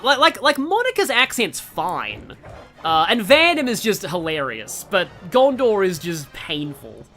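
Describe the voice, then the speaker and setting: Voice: mid-range voice, pushed and bright. A let's player giving casual, rambling gameplay commentary full of digressions.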